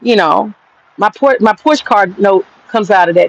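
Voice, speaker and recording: An American woman hosts a livestream, reading the chat aloud and ranting bluntly with plenty of profanity. Her voice is medium-pitched and animated at a normal speed, and the recording has its highs cut off.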